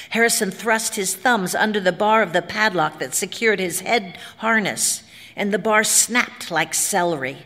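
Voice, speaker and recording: A woman's voice: medium pitch, a bit bright. A woman reads a story aloud in a dramatic, vivid way. Her voice sits in a middle range. A long hall reverb trails behind every phrase. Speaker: narrator. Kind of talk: expressive story reading.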